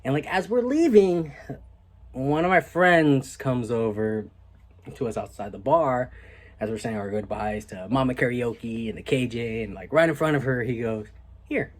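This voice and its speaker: A young man vlogging, telling a story casually and with animation, often dropping to hushed asides. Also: medium pitch, expressive, normal speed.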